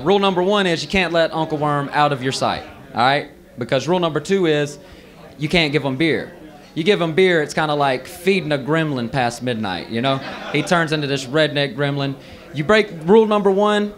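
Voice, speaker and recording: Southern man doing stand-up. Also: fairly high pitch. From American South. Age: 30s. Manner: loose, profane storytelling with drawled asides. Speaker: stand-up comedian. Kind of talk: stand-up comedy set. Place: bar open mic stage.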